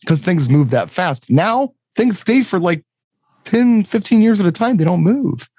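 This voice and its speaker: A middle-aged man in casual chat, talking in a reflective way and swinging his pitch when making a point. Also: animated, a little slow, darkish tone, no room sound.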